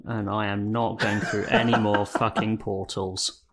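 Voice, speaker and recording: A man's voice: lowish voice, flat delivery, a little slow, fairly bright tone. A man playing a tabletop game, exasperated and emphatic, swearing often. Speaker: player.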